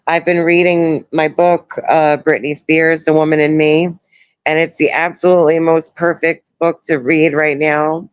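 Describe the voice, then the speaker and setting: A woman in her thirties chatting on a live stream from home, sore after surgery, soft and emotional as she thanks her viewers. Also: low voice, steady tone, a little slow, smooth, dry recording. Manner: soft, emotional, greets chat viewers warmly. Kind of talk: casual live stream chat. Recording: dull lo-fi stream audio.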